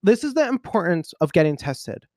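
A man in his twenties hosting a podcast, telling a personal story in a casual, animated, rambling way with lots of fillers. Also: sits high, moderate pace, dry recording, clean studio sound. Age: 20s. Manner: animated, rambling, heavy use of "like". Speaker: podcast host.

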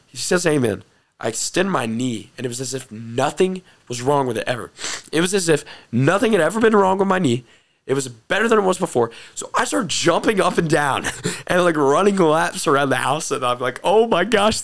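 A young man earnestly telling a personal testimony story, excitable and repeating phrases for emphasis. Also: a little high, brisk. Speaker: host telling his testimony.

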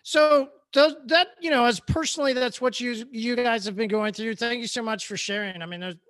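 A woman hosting a panel discussion, asking rambling, halting questions. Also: a little high, fairly bright tone, no room sound. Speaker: panel host.

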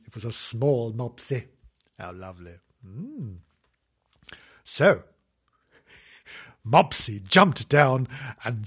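Husky man playfully reading a story. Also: medium pitch, expressive, slow pace, pauses often. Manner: playful, sing-song, breaks off into cheeky asides and apologies. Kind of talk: mock children's story reading.

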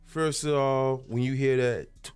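A young man talking casually to his viewers as a YouTube host, rambling and animated, with lots of fillers and restarts. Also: mid-range voice, slow, clean tone, no echo, faint music behind. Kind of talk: casual vlog monologue.

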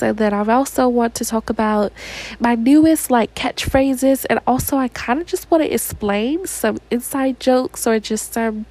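A woman's voice: fairly high pitch, darkish tone, low-quality recording. A young woman with an American accent hosting a solo podcast, talking in a loose, rambling way with lots of "like" as a filler. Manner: rambling, chatty, heavy use of "like". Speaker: podcast host. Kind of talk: casual solo podcast chat.

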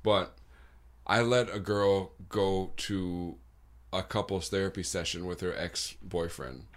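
A man's voice: low-pitched, takes it slowly. A man guesting on a casual podcast, joking around and laughing often. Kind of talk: casual chat.

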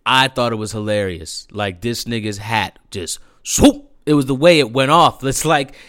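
Young man, casual storyteller; bright, animated, profane. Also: mid-range voice, moderate pace, no echo, studio quality. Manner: animated, profane, laughing, lots of fillers.

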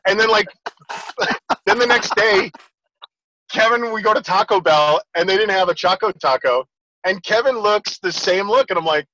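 A man telling stories in a casual chat, animated and laughing often. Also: high-pitched, normal speed, slight background noise. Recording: lo-fi audio.

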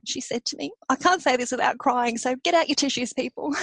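A woman's voice: sits high, moderate pace, creaky, husky, dry recording, rough recording. Woman telling her story animatedly. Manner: animated, laughs often between phrases. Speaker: podcast guest. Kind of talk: personal storytelling.

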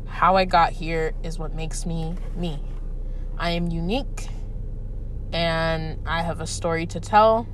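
A woman's voice: sits low, fairly even intonation, takes it slowly, noisy background. A woman in her twenties hosting a solo podcast, reflecting candidly and emotionally, swearing freely with plenty of fillers. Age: 20s. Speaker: podcast host.

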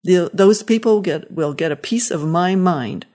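A woman's voice: lowish voice, a little slow, warm tone, lightly acted. A woman reading the lines of a cranky, confused elderly father-in-law in a short story, indignant and fussy.

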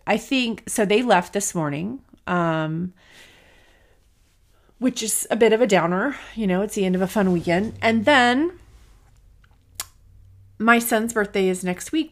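Candid woman on the verge of tears. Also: on the low side. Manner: candid, emotional, thinking aloud. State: near tears. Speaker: podcast host. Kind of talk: personal solo podcast talk.

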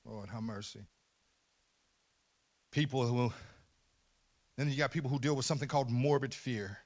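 A man preaching a sermon as pastor in a church, emphatic, dropping to low murmurs and rising to loud shouts. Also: normal speed. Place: church sanctuary.

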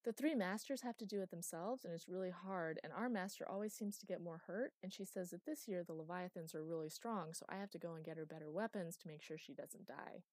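A woman reading an audiobook, voicing an eager, childlike young servant girl with a high, innocent, earnest voice. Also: brisk, few pauses, darkish tone, dry recording, natural voice. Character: eager girlish servant Anouk/Maggie, sweet and childlike.

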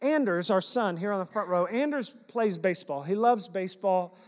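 A man preaching a sermon, telling personal stories in an animated, self-deprecating way to his congregation. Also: high-pitched, normal speed. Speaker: pastor. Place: church sanctuary. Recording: long hall reverb.

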